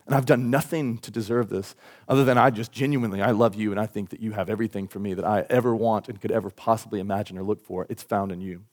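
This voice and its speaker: A man's voice: on the low side, fast. A man preaching a sermon at a church service, talking in a conversational, earnest way and telling stories with energy. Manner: conversational, earnest, animated storytelling. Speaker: pastor.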